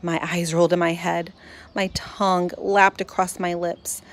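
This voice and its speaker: A woman narrating a children's storybook in first person, expressive and lively. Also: lowish voice, unhurried.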